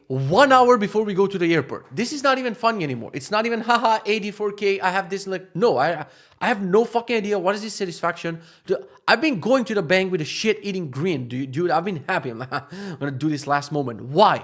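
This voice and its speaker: A man, ranting in a casual vlog, profane, animated and self-mocking. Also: a little high. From North Macedonia. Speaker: vlogger.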